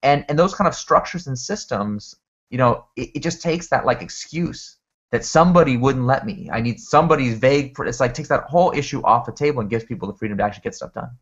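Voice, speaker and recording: A man telling an animated story in conversation, a lively storyteller who often restarts his sentences. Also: mid-range voice, fast. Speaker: guest speaker. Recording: dull lo-fi recording.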